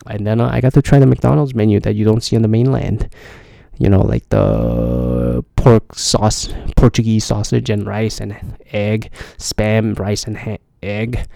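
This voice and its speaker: Male podcast host, low dark voice, dry close sound, talks softly, rambles and cusses. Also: vocal fry, no echo. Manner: rambling, profane, blunt. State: talking quietly. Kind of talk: casual solo podcast monologue. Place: hotel room.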